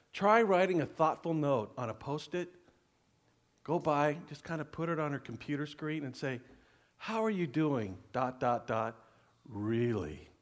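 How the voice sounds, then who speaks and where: A middle-aged male pastor preaching a sermon, delivering sarcastic mock advice in an emphatic, animated way and often laughing. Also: sits high.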